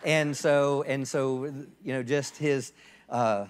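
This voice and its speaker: A man in his fifties, the host pastor, introducing a guest speaker in a halting way with restarts. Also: medium pitch, steady tone, long reverb tail. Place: church sanctuary.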